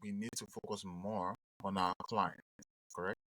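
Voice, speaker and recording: A man's voice: deep voice, flat delivery, normal speed, bright, forceful tone, no room sound, poor audio. A man hosting a podcast interview, repeating his guest's points back before asking his next question. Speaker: podcast host. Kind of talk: interview host.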